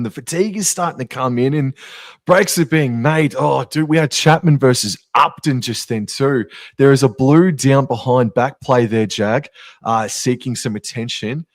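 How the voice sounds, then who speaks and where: Australian male co-commentator, mid-pitched, casual slangy banter, dry close sound. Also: expressive, normal speed, no echo. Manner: casual and chatty, slang like "bro" and "mate". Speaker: sports co-commentator. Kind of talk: live sports commentary.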